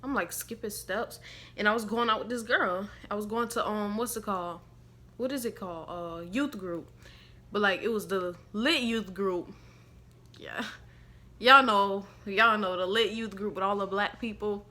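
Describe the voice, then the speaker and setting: A woman's voice: mid-range voice, moderate pace, pushed and bright. A woman casually telling a rambling, slangy story to her viewers, laughing along as she goes. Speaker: storytime vlogger.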